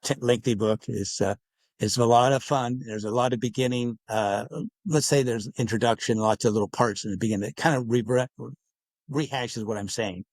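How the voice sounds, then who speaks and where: A man's voice: mid-range voice, moderate pace, no room sound. A man being interviewed as an author on a podcast, explaining his points at length and acting out bits of dialogue. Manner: explanatory, acts out dialogue in quotes. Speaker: guest author.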